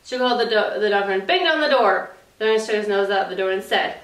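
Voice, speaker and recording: A woman childcare teacher reading a picture book aloud at story time, affectionate and expressive. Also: mid-range voice, fast talker. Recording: roomy, distant mic.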